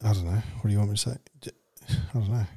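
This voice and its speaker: A man with a low voice co-hosts a casual podcast chat. He trades crude, swearing banter and laughs easily. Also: steady tone, very fast, creaky, warm tone, breathy edge. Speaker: podcast co-host.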